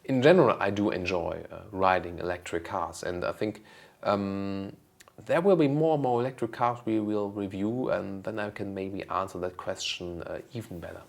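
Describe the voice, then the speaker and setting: A man, hosting a car channel and casually answering viewer questions, relaxed and thinking aloud with lots of ums. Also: low-pitched, normal speed, vocal fry. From Germany. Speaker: car review host.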